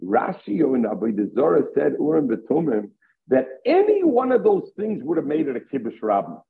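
A man's voice: a little high, huge pitch swings, normal speed, gravelly, slight background noise. Man teaching Talmud over a tinny line. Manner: explains step by step, mixing English with Hebrew and Aramaic terms. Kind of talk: Talmud lesson. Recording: tinny phone-line audio.

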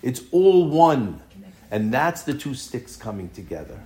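A man teaching a classroom Torah lesson, explaining earnestly through rhetorical questions and often dropping to a low, intense voice. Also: big pitch swings, a little slow, mellow.

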